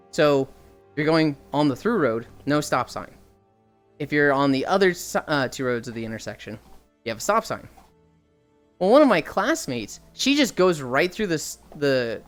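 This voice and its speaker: Woman streamer, low voice, wide animated swings, casual swearing, faint music behind. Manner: lively, swearing, jumps into high-pitched voices for quoted people. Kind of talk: casual storytelling on a walking stream.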